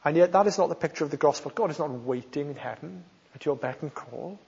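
A man's voice: fairly high pitch, fast talker, gravelly, darkish tone, husky. A man from South Wales with a Welsh accent, preaching a sermon with emphatic stresses on key phrases. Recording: long hall reverb, dull sound.

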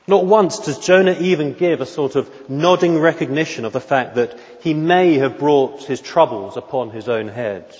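A man preaching an expository sermon in church, measured and emphatic, often asking rhetorical questions. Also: fairly high pitch, a little mellow. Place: church during a worship service. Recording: dull lo-fi recording with long hall reverb.

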